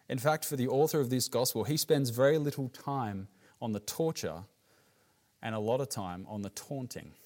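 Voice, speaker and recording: Earnest Australian pastor preaching. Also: male voice, darkish tone. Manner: earnest, emphatic, drops low on grave words. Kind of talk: sermon.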